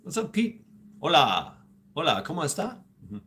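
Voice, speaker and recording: A man's voice: a little high, very animated, normal speed, pushed and bright. Stammering man musing on happiness. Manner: stammering, repeats words, laughs often; reflective, joking, swears casually. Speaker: livestream host reading chat comments. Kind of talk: casual rambling monologue.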